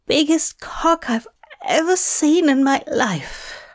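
A woman reading the lines of a gentle, fussy man in a soft, prim manner, a little above her own pitch. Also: lively intonation, takes it slowly. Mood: wry.

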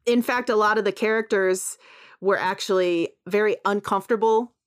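A woman's voice: mid-range voice, moderate pace. Chatty woman retelling a film. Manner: animated, laughing, acts out quoted lines. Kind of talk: casual chat retelling a film.

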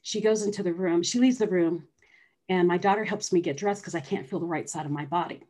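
A woman's voice: fairly low pitch, brisk, a little mellow. A middle-aged woman earnestly telling her personal story as an interview guest. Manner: earnest, acts out quoted voices.

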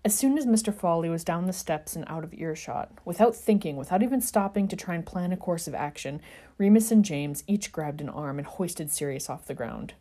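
A woman narrating a fan fiction story in an expressive, dramatic reading. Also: fairly low pitch, a little fast.

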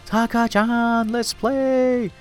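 A man doing a squeaky excitable young guy. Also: normal speed, gravelly, faint music behind, heavily acted. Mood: playful. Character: excitable young man calling a childhood friend.

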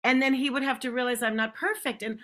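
A woman hosting a casual conversation, telling stories from her voice teaching. She speaks emphatically, stressing her points. Her voice sits fairly high and sounds bright. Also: steady tone, quick pace. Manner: storytelling, emphatic. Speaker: host, voice teacher.

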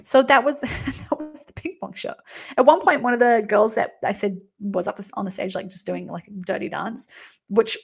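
A woman's voice: medium pitch, moderate pace, creaky. A young woman telling a travel story casually, chatty and full of filler words. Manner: chatty, frequent "like" fillers and laughter.

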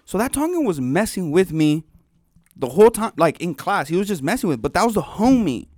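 A man's voice: high-pitched, sing-song, a little fast, a little mellow, dry recording, clean studio sound. A young man co-hosting a podcast, telling a story in a laid-back, slangy, profane way. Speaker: podcast co-host. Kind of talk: casual storytelling.

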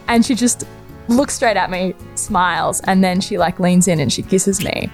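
A woman's voice: mid-range voice, moderate pace, faint music behind. Chatty young woman storyteller. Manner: conversational, chatty, laughs often, many fillers. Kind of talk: personal anecdote storytelling.

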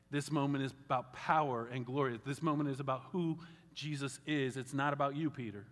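Animated man preaching in a reverberant hall. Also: medium pitch. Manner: conversational, animated, wry asides. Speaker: pastor. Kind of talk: sermon. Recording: long reverb of a large hall.

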